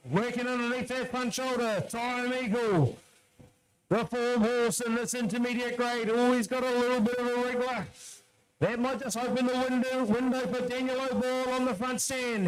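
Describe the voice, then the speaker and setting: A man's voice: extremely high pitch, smooth, poor audio. A man co-commentating a shearing competition, sizing up who leads and correcting himself as he goes. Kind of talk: live sports commentary.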